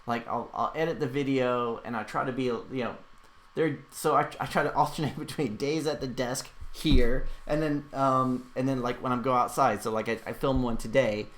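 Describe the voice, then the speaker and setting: Reading chat questions aloud, a man hosts a casual livestream and answers them in a rambling way full of fillers and restarts. His voice sits at medium pitch with a fairly bright tone.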